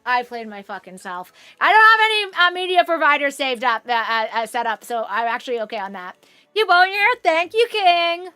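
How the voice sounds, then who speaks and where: A woman's voice: high-pitched, sing-song, a little fast, pushed and bright, no room sound. A young woman streaming from her room at home, chatting casually and rambling, with frequent swearing. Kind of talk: casual chat on a live stream.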